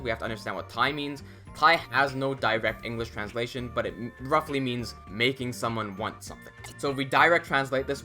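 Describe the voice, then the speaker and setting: A man narrating a scripted language lesson, speaking in a measured, deliberate way and stressing key words, with faint music behind. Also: mid-range voice, bright, forceful tone. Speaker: language teacher.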